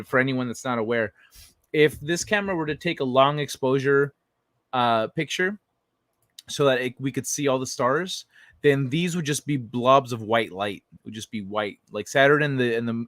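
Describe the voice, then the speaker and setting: A young man hosts a late-night livestream, chatting loosely with viewers in a casual, profane way. He rambles and restarts his sentences as he reacts to messages. His voice sits at an ordinary middle pitch and sounds close and dry, with no room around it. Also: normal speed, a bit bright, no echo. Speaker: livestream host.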